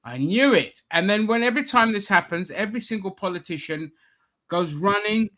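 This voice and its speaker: A man's voice: high voice, fairly quick, bright, forceful tone. A man hosting a livestream, ranting in a crude, sarcastic way. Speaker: livestream host.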